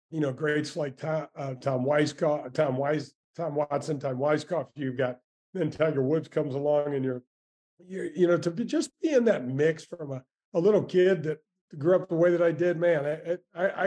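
A man in his sixties tells his stories with gusto, circling back and restarting his sentences. His voice is warm and mellow and sits a little high. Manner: animated storyteller with many restarts and "man" asides. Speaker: former tour golfer, guest. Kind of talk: storytelling interview answers.

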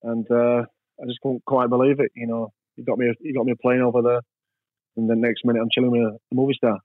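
Speaking quickly at a medium pitch that barely moves, this English interview guest spins meandering anecdotes and imitates the characters he describes. There's no echo; the sound is dry and thin, like a phone line.

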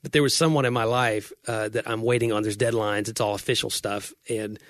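A man's voice: lowish voice, steady tone, fairly quick, a bit bright. A man co-hosting a podcast, telling rambling stories in casual chat and acting out quotes. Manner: rambling storyteller, acts out quotes. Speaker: podcast co-host.

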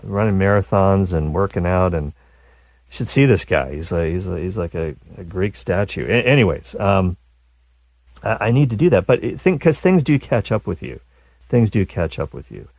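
Chatty low-voiced male radio host. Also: expressive, normal speed, a little mellow, no echo. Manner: rambling, self-deprecating, many restarts. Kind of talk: casual talk radio monologue. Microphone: studio mic.

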